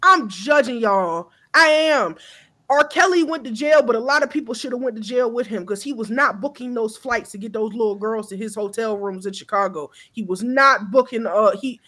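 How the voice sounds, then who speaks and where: A woman around thirty chats on a podcast with a bright, forward voice. She is blunt and impassioned, swears freely and often breaks off to restart her sentences. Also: on the high side. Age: about 30. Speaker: podcast co-host. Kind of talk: casual chat.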